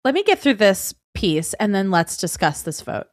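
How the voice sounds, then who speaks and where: A woman co-hosting a podcast in a casual chat, animated, wry and quick to giggle. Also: medium pitch, dry recording, clean studio sound. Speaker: podcast co-host.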